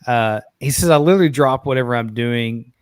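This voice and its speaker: A man from Arkansas hosting a live podcast in a relaxed, chatty way, reading out viewer comments. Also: medium pitch, fairly quick, smooth, dry recording. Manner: relaxed, laid-back, laughs easily and says "man" often. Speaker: podcast host. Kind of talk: casual live-stream chat.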